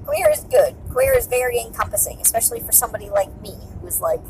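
A woman's voice: on the high side, fast talker, background noise. A woman in casual chat, teasing and playful, with theatrical asides.

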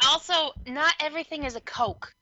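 A woman co-hosts a relaxed podcast chat. Her voice is sharp and very bright and sits a little high. She talks playfully, laughs readily and swears with ease, recorded close and dry. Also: normal speed, no echo, lo-fi sound. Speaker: podcast co-host. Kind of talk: casual chat.

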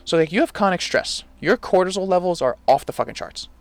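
A young man with a somewhat high voice tells stories in a casual podcast chat. He is animated and profane. The sound is close and dry. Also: brisk, no echo. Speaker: podcast co-host.

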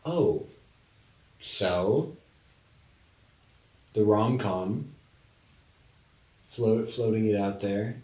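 Low-voiced man chatting on a podcast. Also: extremely slow, pauses often, echoey room, rough recording. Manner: rambling, self-deprecating, bursts into loud goofy bits. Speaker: podcast co-host. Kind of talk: casual podcast chat.

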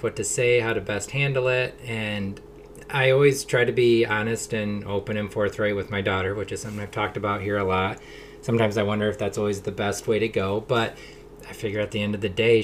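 A man's voice: lowish voice, a little hiss or hum. A middle-aged man hosting a solo podcast, talking in an earnest, rambling way with the odd sarcastic aside. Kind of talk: reflective solo monologue.

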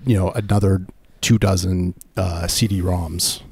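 A man with a fairly low voice trades deadpan, dry one-liners in a casual comedic chat. He riffs along with his co-host and keeps his delivery understated. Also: measured pace, breathy edge, dry recording.

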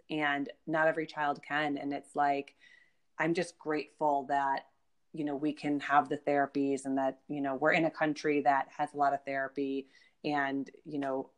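A woman with a notably low voice talking as a guest in a relaxed conversation. She is upbeat and chatty, and she keeps filling her sentences with "you know". She sounds like she is in her thirties. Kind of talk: casual conversation.

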